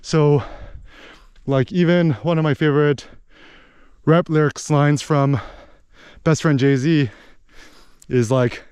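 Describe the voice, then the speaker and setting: A man's voice: a little high, slow pace, long pauses, darkish tone, clean tone, dry recording. A man chatting casually and rambling, with many "like"s and "you know"s. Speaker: speaker musing on language and poetry. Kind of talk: casual chat.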